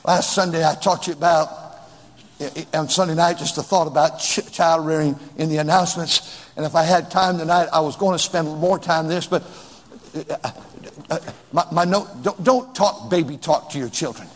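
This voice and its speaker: A man's voice: on the high side, fairly even intonation, moderate pace, in a large hall. A male preacher delivering a sermon, emphatic and repetitive, reading scripture and scolding his listeners.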